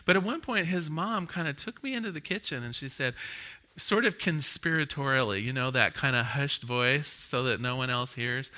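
A man preaching a conversational sermon, reading scripture aloud and telling stories with an animated, laughing manner. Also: mid-range voice, normal speed. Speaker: minister.

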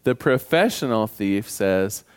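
A man's voice: lowish voice, lively intonation, unhurried, smooth. A man preaching a sermon as pastor, conversational and humorous, telling jokes to his congregation.

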